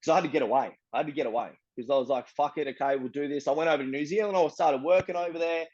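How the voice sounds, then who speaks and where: A man's voice: on the high side, rapid-fire, darkish tone, slightly rough, highs cut off. An Australian man telling his story bluntly and candidly, swearing often and filling in with "bro" and "you know what I mean". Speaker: interviewee.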